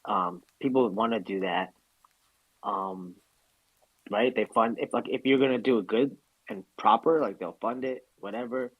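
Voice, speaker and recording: A man's voice: medium pitch, unhurried, vocal fry, breathy edge, no room sound, phone-quality sound. A man chatting casually on a live audio call, laid-back and slangy, stumbling over his words. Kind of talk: casual chat.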